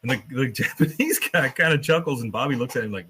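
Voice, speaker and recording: A man hosting a podcast, casually retelling a cartoon episode scene by scene, swearing and dropping into quick character voices. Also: medium pitch, bright, forceful tone. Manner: swears casually and laughs while telling. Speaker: podcast host recapping an episode. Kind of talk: casual chat.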